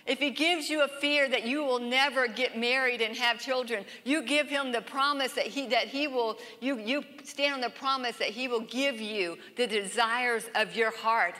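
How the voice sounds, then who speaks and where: A woman's voice: fairly high pitch, moderate pace, hardly any pauses, sharp tone. A woman preaching a sermon in a church, emphatic, often asking "Amen?" and having the congregation repeat verses after her. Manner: emphatic, repeats lines and has the crowd say them back. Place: church sanctuary. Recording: church hall with long reverb.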